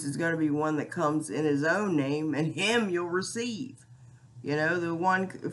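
A middle-aged woman giving a casual, excited Bible teaching, talking conversationally and reading scripture aloud. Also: low voice.

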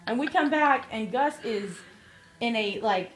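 High-voiced woman telling a comic story. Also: a little slow, roomy sound. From American South. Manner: animated, laughs through her lines, swears freely. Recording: loud background noise.

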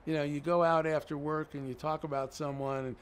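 A man's voice: on the high side, a little fast, a little hiss or hum. A middle-aged man, a guest in an interview, telling stories and acting out the dialogue he quotes. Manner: animated storyteller, acts out quoted dialogue. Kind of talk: storytelling in a conversational interview.

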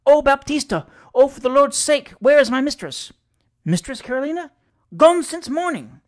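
A reader voicing a frantic young Italian maid in a classic ghost story, crying and raving in distress, pitched well above the narration. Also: very animated, moderate pace, close to an everyday voice.

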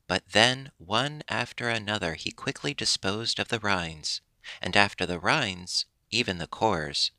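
A man narrating a classic children's storybook in a steady, measured reading. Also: lowish voice, dry recording. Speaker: audiobook narrator.

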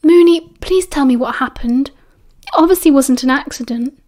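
A woman with a British accent voicing a caring teenage schoolboy who talks gently and coaxingly in an audiobook. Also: sits high, normal speed, close to an everyday voice. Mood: worried, firm.

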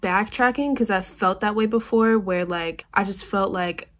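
A woman's voice: medium pitch, normal speed. A woman in her twenties talking casually to her vlog camera, rambling with lots of "like", emotional and on the verge of tears. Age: 20s. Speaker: vlogger.

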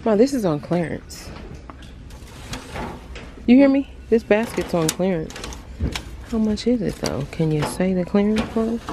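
A woman vlogger gushing over items while walking through a large store, often dropping into half-whispered asides. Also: on the low side. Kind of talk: casual shopping vlog. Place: inside a large retail store. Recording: noisy store ambience.

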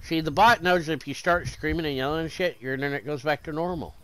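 A man's voice: fairly high pitch, fast, fairly bright tone, clean tone, rough recording. A man hosting a comedic chat, rambling and swearing through mock-conspiratorial stories.

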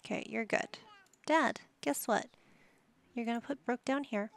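Slow, gravelly-voiced woman gaming host. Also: fairly high pitch. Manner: bossing game characters around like a patient parent. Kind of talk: casual gameplay commentary.

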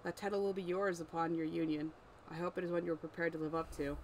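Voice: medium pitch, level tone, quick pace, a little mellow, slight background noise, lightly acted, poor audio. A reader voicing a proud, ancient, eyeless female demon servant with horns, scornful and easily wounded, in an amateur story read-aloud. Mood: haughty.

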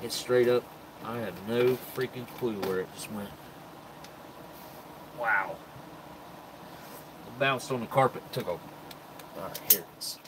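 In an unhurried mid-range voice with frequent pauses and some background noise, an MRE reviewer talks solo to his camera. A little tipsy from beer at his home table, he unpacks food and rambles easily, thinking aloud and leaning on lots of fillers.

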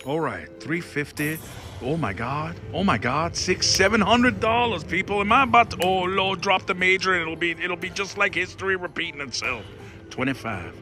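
A man giving casual live commentary as he plays slot machines on a casino floor, excitable and pleading with the machine. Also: high-pitched, normal speed, faint music behind. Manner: excitable, pleading with the machine, keeps saying "everybody".

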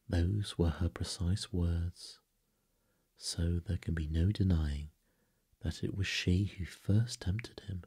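A man softly narrating a bedtime story in a hushed, breathy way. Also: low voice, steady tone, takes it slowly. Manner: soft, hushed, breathy delivery.

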